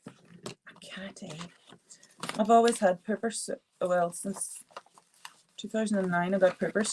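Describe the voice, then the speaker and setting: Hosting a live art therapy stream, a woman chats casually in a mid-range, slightly mellow voice, laughing often and responding to viewer comments as they come in. There is slight background noise.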